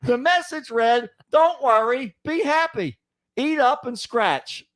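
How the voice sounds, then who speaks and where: A man's voice: very high voice, animated, slow pace, fairly bright tone. A man co-hosting a comedy podcast, reading out odd news stories and joking around with lots of swearing. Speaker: podcast co-host. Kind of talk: casual comedic chat.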